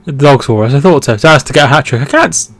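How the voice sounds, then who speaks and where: A man's voice: mid-range voice, expressive, fast, fairly bright tone, no echo. A man hosting a live football watchalong, chatting casually, reading out viewer comments and reacting to the play. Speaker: football stream host.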